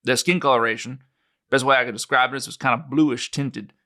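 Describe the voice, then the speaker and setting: A man voicing a rural American eyewitness recounting a crash, reading out an interview transcript in a put-on New Mexico accent, in a plain, halting way. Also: medium pitch, fairly even intonation, bright, forceful tone. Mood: matter-of-fact.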